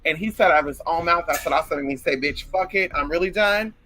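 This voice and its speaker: A woman ranting casually and profanely to her viewers, brash and animated, calling them girl. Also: low voice, fast, a little hiss or hum, rough recording. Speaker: vlogger. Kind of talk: casual rant to camera.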